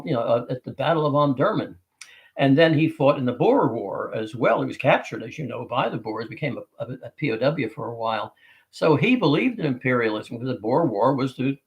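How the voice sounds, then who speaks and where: A man's voice: mid-range voice, low-quality recording. Rambling man telling history casually. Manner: rambling, many restarts and fillers, chuckles now and then. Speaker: history presenter.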